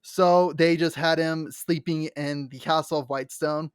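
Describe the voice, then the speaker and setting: A young adult woman co-hosting a casual podcast, excitedly retelling scenes with lots of likes, restarts and acted-out quotes. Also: sits low, moderate pace, smooth, no echo, studio quality. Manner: animated storyteller, acts out quotes with many likes and restarts. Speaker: podcast co-host. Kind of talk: casual fan chat.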